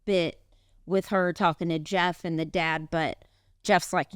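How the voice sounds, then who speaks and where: Chatty woman podcast co-host, smooth and clear, dry close mic. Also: lowish voice, steady tone, dry recording. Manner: chatty storyteller, quick asides and laughs. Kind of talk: casual chat.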